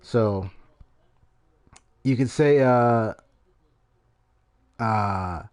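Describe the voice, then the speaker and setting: A man's voice: fairly low pitch, extremely slow, a little mellow. A man streaming a game and giving casual commentary, rambling with many fillers and restarts.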